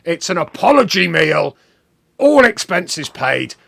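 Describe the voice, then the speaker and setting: A man putting on a loud Cockney wrestling boss. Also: fairly high pitch, very animated, takes it slowly, creaky, dry recording, exaggerated voice. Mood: loud brash. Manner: loud, swaggering, sweary. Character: brash older male wrestling boss, threatening then apologetic.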